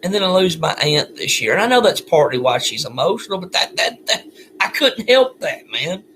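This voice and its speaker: A man's voice: high-pitched, very animated, moderate pace, sharp tone, slight background noise. A man venting alone at home at night, weary and bitter, sighing often. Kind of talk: venting monologue.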